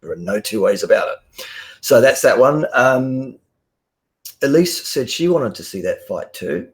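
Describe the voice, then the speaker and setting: A man, a guest on a live stream, talking bluntly and forcefully with many ums and restarts, over a video call. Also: mid-range voice, lively intonation, measured pace. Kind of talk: casual live-stream talk.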